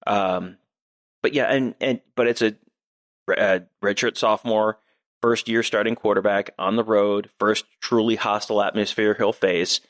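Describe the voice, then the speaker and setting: A man's voice: lowish voice, fairly even intonation, moderate pace, a bit bright. A man co-hosting a sports podcast, talking casually and analytically and thinking aloud with frequent restarts.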